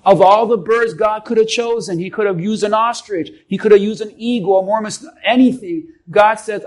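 A man's voice: high-pitched, moderate pace, hardly any pauses, rough recording. A man preaching a sermon as a pastor, emphatic and calling on the congregation to respond.

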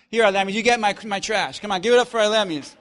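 A man preaching a sermon as pastor, swinging from loud emphatic lines to quiet stretches and joking with his congregation. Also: high voice, fairly quick, slight background noise. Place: church.

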